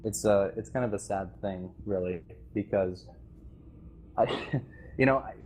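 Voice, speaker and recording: A man's voice: lowish voice, unhurried, a little mellow, slight background noise. A man giving an impassioned, rambling voice-chat speech to players about the game server community he left, full of restarts and nervous laughs. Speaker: former game server staff member addressing players. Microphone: voice chat microphone.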